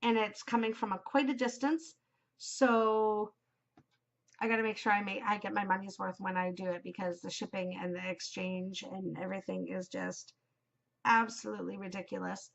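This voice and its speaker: A woman's voice: mid-range voice, little pitch movement, normal speed, creaky, muffled recording. Chatty Canadian woman podcasting from home. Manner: chatty and upbeat, with frequent ums. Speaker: podcast host. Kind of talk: casual solo podcast chat.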